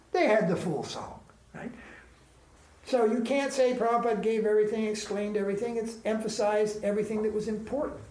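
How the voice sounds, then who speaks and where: A man's voice: sits high, darkish tone. Male spiritual teacher, conversational and emphatic, roomy echo. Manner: emphatic, conversational, full of rhetorical questions. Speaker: swami teaching a class. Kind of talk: informal spiritual class talk. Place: ashram classroom.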